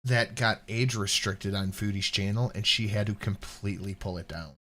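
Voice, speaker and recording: A man's voice: fairly low pitch, fairly even intonation, normal speed, sharp tone. A man co-hosting a reaction livestream, talking loosely with a lot of swearing and distracted banter. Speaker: co-host of a reaction stream. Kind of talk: casual livestream chat.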